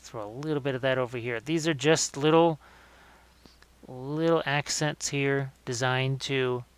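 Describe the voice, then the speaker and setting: A man with a smooth, resonant voice talks viewers through a miniature painting session on a live stream. He sounds relaxed and thinks aloud as he works, restarting and correcting his phrasing as he goes. His pitch sits in an ordinary middle range. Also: measured pace.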